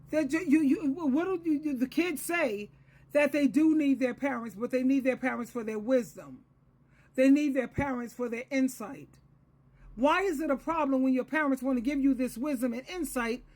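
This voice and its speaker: A woman in her sixties, working as a Christian counselor, gives advice in a solo monologue. Her voice is high, and she lectures earnestly, repeating key phrases to drive them home.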